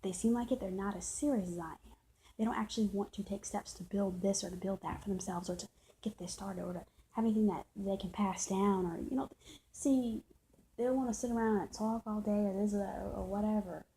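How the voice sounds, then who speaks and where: Heated, preachy woman with a mellow tone. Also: medium pitch, steady tone, a little fast, slight background noise, low-quality recording. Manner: heated, preachy, profane, repeats points. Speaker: vlogger. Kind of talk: impassioned rant to camera.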